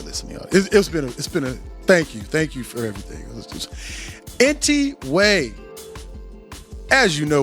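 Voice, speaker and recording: A man in his forties hosting a podcast, telling rambling, profane stories in a casual, animated way from a home studio. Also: a little high. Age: 40s. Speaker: podcast host.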